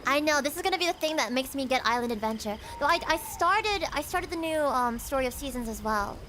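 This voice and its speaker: Bright, high-pitched, giggly woman. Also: slight background noise. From United States. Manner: giggly and animated, quick asides. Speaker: VTuber streamer. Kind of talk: casual livestream chat, reading chat aloud.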